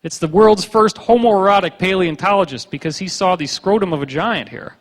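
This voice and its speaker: A sarcastic, joking conference speaker presents slides and acts out the people he quotes. He talks fairly quickly in a high voice, with long reverb from the conference hall.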